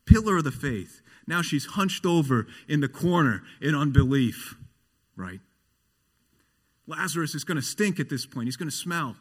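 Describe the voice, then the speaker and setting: Fairly high-pitched and animated, this pastor preaches at a measured pace, earnestly asking the congregation questions again and again. The church recording carries a long hall reverb.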